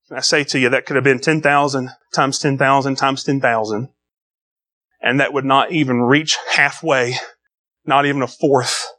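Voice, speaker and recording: A middle-aged man preaching a sermon as pastor, swinging between loud emphatic lines and quiet low ones.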